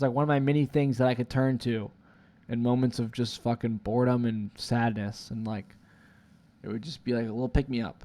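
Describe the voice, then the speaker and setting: A man's voice: medium pitch, a little mellow. A young man in his twenties, rambling through a profane, confessional vlog monologue full of "like" fillers. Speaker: vlogger.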